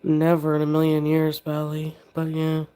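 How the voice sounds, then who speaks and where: Lowish woman's voice, sounds sick, rambly livestream chat, reading off chat names. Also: completely flat delivery, moderate pace, mellow, clean tone. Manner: rambling, drifts between chat comments and her pet.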